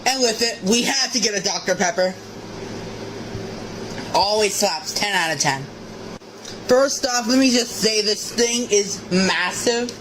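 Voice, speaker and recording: Food review vlogger, chirpy and quick with ratings, kinda noisy clip. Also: female voice, medium pitch. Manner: upbeat, rating items out of ten. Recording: noisy clip with background ambience.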